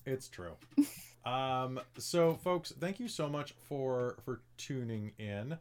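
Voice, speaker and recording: A man's voice: medium pitch, expressive, slow pace, smooth. A man acting as game master and host, chatting loosely and joking with players and viewers after a tabletop game. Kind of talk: casual post-game stream chat.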